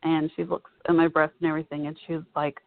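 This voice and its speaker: A woman's voice: low voice, level tone, quick pace, creaky, no echo. A woman vlogger telling a personal story in a casual, chatty way, full of "you know" asides. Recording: dry, tinny phone-like sound.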